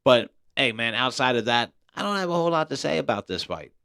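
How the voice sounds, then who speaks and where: A man's voice: medium pitch, animated, a little fast, gravelly, sharp tone, smooth, no room sound, clean studio sound. A man hosting a casual podcast, talking bluntly, cursing freely and tossing in "man" all the time. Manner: blunt, profane, keeps saying "man". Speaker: podcast host.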